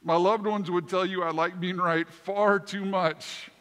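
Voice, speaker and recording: Bright-voiced pastor in a reverberant church. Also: male voice, high-pitched, unhurried, clean tone. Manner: animated, self-deprecating storyteller. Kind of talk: sermon storytelling. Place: church sanctuary.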